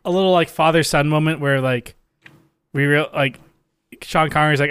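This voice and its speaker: A man's voice: on the high side, steady tone, normal speed, fairly bright tone, smooth, no echo. A man co-hosting a podcast, casually chatting about a film and acting out bits of its dialogue. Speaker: podcast co-host. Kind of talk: casual movie-discussion chat.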